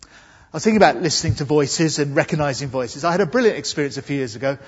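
An English preacher gives an earnest, emphatic, and animated Easter sermon in church, lingering slowly over key words. His breathy voice runs a little high for a man, and the dull audio is washed in the long reverb of a large hall.

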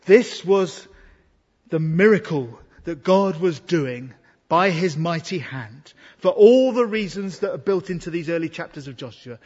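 A man's voice: on the high side, animated, measured pace, a little mellow. A man preaching an earnest, emphatic sermon to a congregation. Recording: dull sound in a reverberant hall.

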